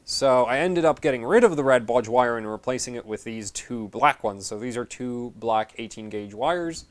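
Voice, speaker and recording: A man's voice: mid-range voice, expressive, normal speed. A man hosting his channel, explaining a repair in a casual, rambling way, correcting himself often and dropping dry sarcastic asides. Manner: rambling, self-correcting, many fillers. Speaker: channel host.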